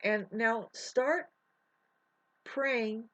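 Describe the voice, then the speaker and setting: A woman in a rambling spiritual monologue, emotional and swearing, drifting between soft musing and loud outbursts. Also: mid-range voice, a little slow. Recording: dull lo-fi audio.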